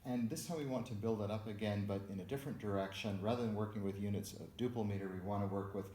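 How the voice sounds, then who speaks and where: A man's voice: lowish voice, fast, dark tone. A man teaching music theory in a recorded lecture, explaining methodically step by step as he writes out notation. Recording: echoey room with faint background noise.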